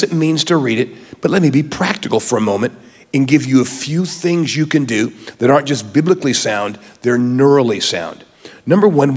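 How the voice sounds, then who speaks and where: A man preaching a sermon as pastor of his church, moving from quiet teaching to fervent, rising exhortation. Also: medium pitch, long reverb tail.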